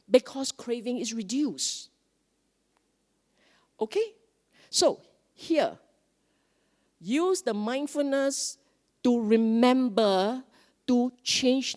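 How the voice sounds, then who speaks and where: Lively woman teaching dharma. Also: medium pitch. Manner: lively, conversational, asks the audience questions. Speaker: Buddhist retreat teacher. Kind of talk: dharma talk.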